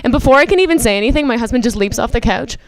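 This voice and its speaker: Canadian woman doing stand-up, bit high voice, loud and animated, lots of little asides. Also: very fast. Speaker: stand-up comedian. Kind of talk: stand-up comedy set.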